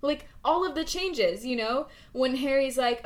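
A woman co-hosting a casual book-club podcast, animated and laughing often, full of "like" fillers. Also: a little high, normal speed, few pauses. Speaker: podcast co-host.

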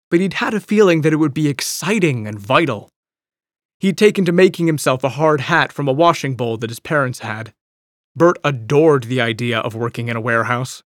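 A man's voice: medium pitch, no room sound. Male audiobook narrator, dry storytelling read, no room sound. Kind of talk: scripted narration.

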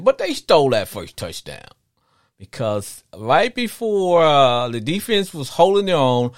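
A middle-aged man from Arkansas hosting a call-in sports podcast, talking in an animated, rambling way with frequent restarts. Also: mid-range voice, no echo, clean studio sound.

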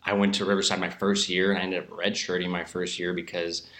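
A young man from Southern California, a podcast guest, tells stories in a loose, rambling way. His voice sits a little low but sounds bright and forceful. The room gives it a roomy echo. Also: a little fast. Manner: relaxed rambling storyteller, laughs often. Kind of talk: casual podcast chat.

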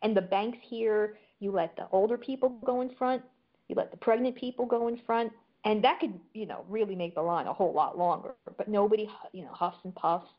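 A woman's voice: mid-range voice, brisk. Chatty woman telling stories, lo-fi audio. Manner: chatty storyteller. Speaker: guest. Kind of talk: casual conversation. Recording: dull lo-fi audio.

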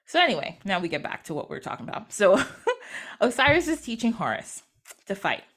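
A woman's voice: mid-range voice, very animated, a little fast, a bit bright. A young woman hosting a podcast, casually retelling a myth in slangy modern quotes and laughing often. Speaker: podcast host. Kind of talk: casual storytelling.

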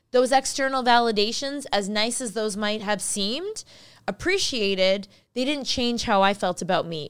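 A woman's voice: on the high side, a bit bright, clear, resonant tone. A woman guest on a podcast, talking as a life coach in an upbeat, emphatic way and laughing often. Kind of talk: motivational podcast talk.

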